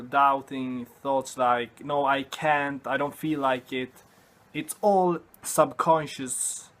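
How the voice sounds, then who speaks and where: Man, very slow, mid-pitched, earnest, halting, repeats phrases. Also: fairly bright tone. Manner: earnest, halting, repeats himself and says "you know" often. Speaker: vlogger. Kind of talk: motivational vlog talk to camera.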